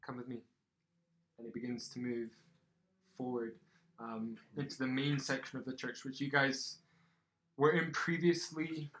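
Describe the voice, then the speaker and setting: A man narrating as game master of a tabletop game, pausing often with ums and uhs. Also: medium pitch, flat delivery, fairly bright tone, rough recording. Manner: hesitant, many ums and uhs.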